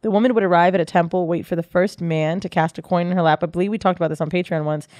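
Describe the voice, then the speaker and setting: A woman's voice: on the low side, steady tone, very fast, a little mellow, no room sound, clean studio sound. A woman co-hosting a podcast, reading out odd facts in casual chat, laughing often and swearing freely. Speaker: podcast co-host. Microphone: studio mic.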